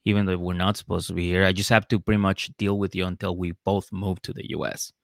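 Laid-back male co-host, low and gravelly, close dry mic. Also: level tone, quick pace, no echo. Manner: laid-back, short reactions, laughs often. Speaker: podcast co-host. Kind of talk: casual chat.

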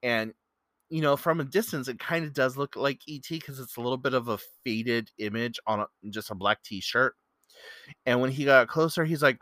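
Bright-voiced man, rambling earnest podcaster. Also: medium pitch, steady tone, normal speed, no echo, studio quality. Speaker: podcast host. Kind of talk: casual solo podcast storytelling.

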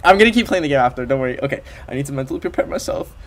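A man livestreaming a game in casual chat, excitable and emotional, gushing over what he sees, at his desk at home. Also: medium pitch, racing. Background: faint game music.

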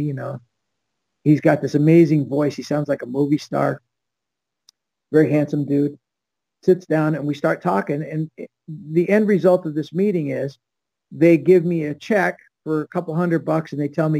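Unhurried and steady, this older Los Angeles man's slightly high, warm voice carries some vocal fry as he spins a long anecdote on a podcast, voicing each character. The recording is low quality but has no echo.

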